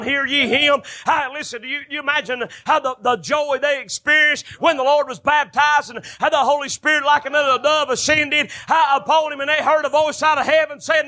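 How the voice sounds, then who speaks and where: A man preaches a fervent sermon. His voice is high and bright, and it climbs into shouted, ringing stretches. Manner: fervent, rising to shouted bursts.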